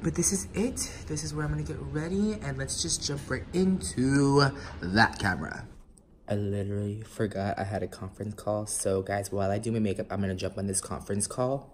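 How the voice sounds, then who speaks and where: A man talking casually to the camera for his vlog, chatty and bursting into excited outbursts now and then. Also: fairly low pitch, fairly quick. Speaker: vlogger. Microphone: lapel mic. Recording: noisy background ambience.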